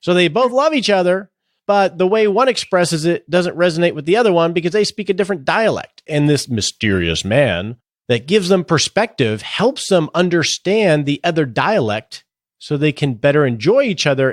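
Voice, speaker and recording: A man's voice: on the high side, big pitch swings, moderate pace, dry recording, studio quality. A man in his fifties hosting a podcast, explaining in a casual, jokey, conversational way. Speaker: podcast host and financial planner.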